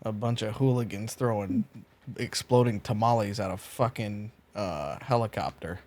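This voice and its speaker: A man's voice: lowish voice, normal speed, a little mellow, natural voice. A man voicing a cynical, distrustful city man who grumbles in character at a tabletop game. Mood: bitter.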